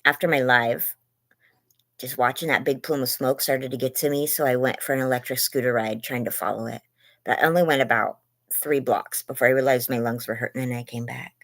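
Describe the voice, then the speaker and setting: A woman's voice: very deep voice, steady tone, fairly quick, fairly bright tone. A woman chatting casually on a phone livestream from bed, rambling and gushing hellos to viewers by name, her voice getting worn as she says she's losing it. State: losing her voice, lungs hurting. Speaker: livestream host. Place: in bed at home.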